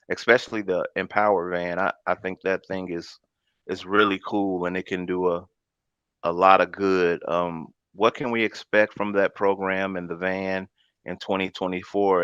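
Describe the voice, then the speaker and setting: A man's voice: sits low, fairly bright tone, clear, resonant tone, no echo. A man moderating a panel, asking questions in a hesitant, casual way. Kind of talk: panel discussion. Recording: dull lo-fi sound.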